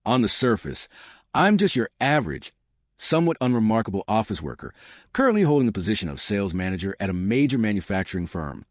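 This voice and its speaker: Man in his fifties, scripted story narration, low voice, lively intonation, dry close sound. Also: fast talker, dry recording. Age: 50s. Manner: expressive, storytelling.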